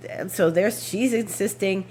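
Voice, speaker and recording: A woman hosting an astrology show, telling a rambling, animated story with frequent laughs and asides. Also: mid-range voice, unhurried, slight background noise. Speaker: astrology podcast host. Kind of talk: casual anecdotal storytelling.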